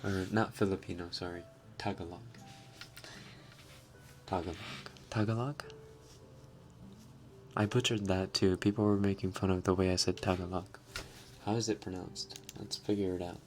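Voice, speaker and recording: A young man hosting an ASMR livestream, reading chat in a soft, often whispered voice and chuckling as he tries out foreign words. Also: low voice, steady tone, normal speed. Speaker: livestream host.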